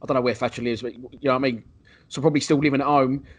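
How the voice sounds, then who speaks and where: A man hosting a casual interview, asking quick, chatty leading questions. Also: medium pitch, fairly even intonation.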